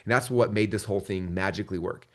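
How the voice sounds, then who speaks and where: A man's voice: deep voice, quick pace. A man in his forties telling a story in a casual live training session, acting out the voices of the people in it. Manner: animated storytelling, acts out quoted voices. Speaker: business trainer.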